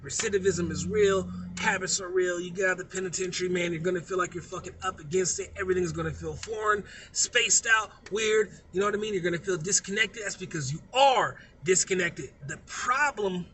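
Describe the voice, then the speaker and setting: A man's voice: sits high, brisk, hardly any pauses, fairly bright tone, slight background noise. A man giving a profane, emphatic and preachy unscripted rant as a vlogger.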